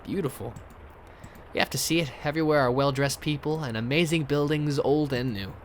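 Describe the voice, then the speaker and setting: A man voicing a lonely, warm-hearted older male innkeeper in a video game, with a put-on foreign accent and a halting, earnest delivery. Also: a little high, a little hiss or hum, lightly acted. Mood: wistful.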